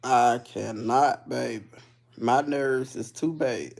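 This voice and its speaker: On a casual live stream, a woman with a gravelly, creaky voice slowly tells a rambling, repetitive story full of "baby" and "honey." She drops into a low, subdued murmur, then jumps high and loud as she recounts what happened, laughing as she goes.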